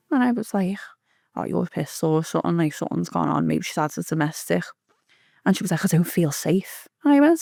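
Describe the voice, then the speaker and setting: A woman's voice: on the low side, fast, gravelly, dry recording, studio quality. A woman telling a story in a casual chat as a podcast guest, swearing freely and acting out the voices of the people in it. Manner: swearing, animated, acts out quoted speech.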